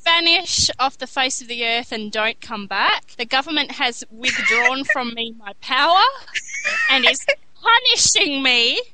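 Aussie woman on a podcast, high voice, really bright tone, chatty and mock-outraged. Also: normal speed, few pauses, rough recording. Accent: Australian. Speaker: podcast co-host. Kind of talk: casual podcast chat.

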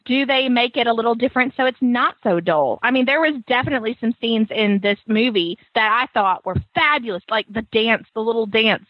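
A woman in casual fan chat, animated and laughing often as she talks. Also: fairly high pitch, brisk, few pauses, dry recording, muffled recording.

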